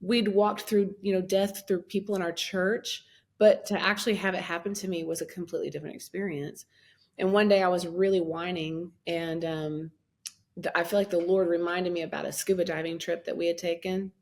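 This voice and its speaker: A woman in her fifties telling her story as a podcast guest, animated, acting out her own past words with a lifted voice and laughing often as she talks. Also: lowish voice, fairly quick. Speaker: guest, minister and life coach. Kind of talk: personal storytelling in a podcast interview.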